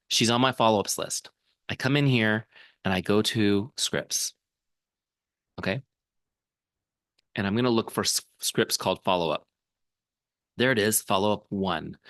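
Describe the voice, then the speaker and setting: A man with a fairly low voice runs a lively training session over a video call, coaching his listeners with energy. He keeps checking that they follow along. The sound is dry and close, with no room echo. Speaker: software founder training a sales team.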